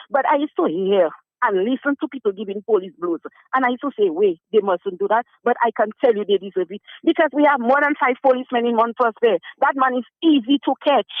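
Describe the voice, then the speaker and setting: High-voiced man on a tinny phone line. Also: no room sound. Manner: urgent, pleading, repetitive. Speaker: caller. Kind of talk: call-in radio complaint. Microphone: telephone.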